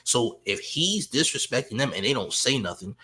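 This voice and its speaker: A man's voice: mid-range voice, very animated, moderate pace, pushed and bright, husky. A man hosting a livestream, teasing and trash-talking viewers in his chat while reacting to clips. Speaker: livestream host. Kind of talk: casual livestream commentary.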